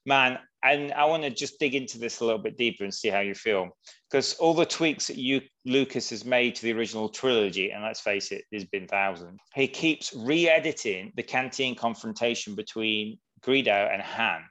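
A man's voice: medium pitch, moderate pace, fairly bright tone. A man hosting a casual chat about films, reading out talking points. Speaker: podcast host.

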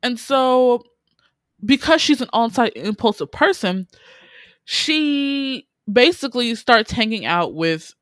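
Animated woman recapping a show, dry sound. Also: on the high side, takes it slowly, no room sound. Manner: animated, swearing, exasperated storytelling with quoted reactions. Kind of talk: casual chat recapping a TV series.

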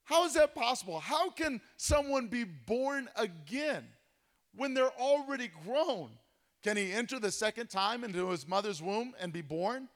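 Male preacher doing a high, incredulous questioner, puzzled grown man. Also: expressive, measured pace, big-room sound.

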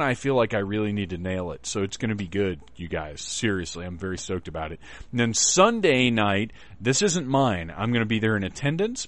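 A man hosting a podcast, talking in an excited, profane and rambling way, often restarting his sentences. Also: on the low side, no echo. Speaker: podcast host. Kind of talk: casual podcast announcements.

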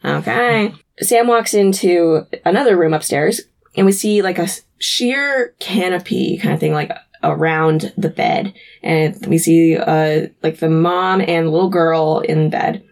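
Woman, podcast co-host, casual chat, lively retelling, quick character voices. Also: on the low side. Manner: animated retelling, acting out lines in quick voices. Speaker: podcast co-host recapping an episode.

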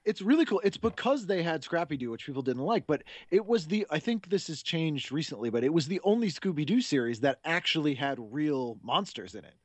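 Guy in his 40s hosting a podcast, rambly and excited, laughs a lot, dry close sound. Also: fairly high pitch, brisk, hardly any pauses, no echo. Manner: enthusiastic, rambling, laughs often. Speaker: podcast host. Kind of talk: casual chat.

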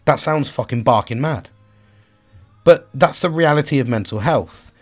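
A man's voice: mid-range voice, moderate pace. A man in his forties speaking frankly about his own struggles, swearing freely, restarting sentences and searching for words. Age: 40s. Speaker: vlogger. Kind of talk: candid personal monologue.

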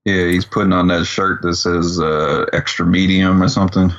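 Deep-voiced man on dull lo-fi audio. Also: flat delivery, normal speed, fairly bright tone. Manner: adds short plot details to the recap. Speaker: podcast co-host. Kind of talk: casual chat.

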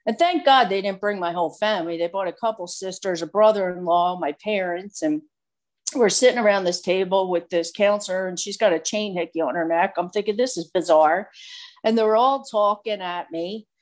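A woman spins a personal story in an easy, conversational way. She talks in an animated, chatty run, leaning on "you know" and "like" as she goes, in a voice of middling pitch. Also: fairly quick. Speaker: speaker sharing a recovery story.

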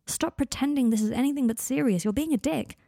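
A lovesick young man argues in a quick, exasperated voice, as a woman reading the story puts him on. Her tone is mellow yet gravelly, with a dry close sound. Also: sits high, dry recording, voice pushed up.

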